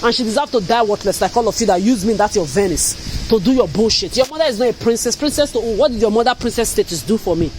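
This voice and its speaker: A woman's voice: a little high, animated, fast, darkish tone, slight background noise, poor audio. Woman, from Africa, angry vlog rant, cursing, repetitive, accusatory. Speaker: vlogger.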